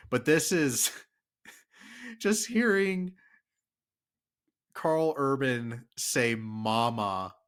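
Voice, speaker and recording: A man's voice: mid-range voice, a bit bright. A man co-hosting a podcast, chatting casually about a movie, rambling with fillers and restarts. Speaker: podcast co-host.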